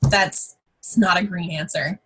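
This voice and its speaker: Husky-voiced woman giving casual sales training. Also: on the low side, fairly even intonation, measured pace, fairly bright tone. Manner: chatty, frequent fillers and exclamations. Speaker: network marketing team trainer. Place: home office.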